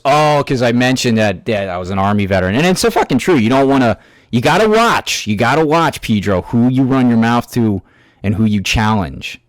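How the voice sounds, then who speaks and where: A man ranting in an angry, heavily profane reaction commentary, with halting restarts and fillers. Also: medium pitch, expressive, dry recording. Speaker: YouTube commentator.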